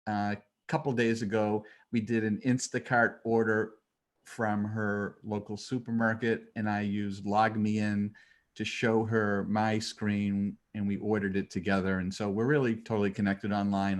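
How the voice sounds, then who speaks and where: A man hosting a casual video call chat, talking in a chatty, rambling way with fillers. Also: on the low side. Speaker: host.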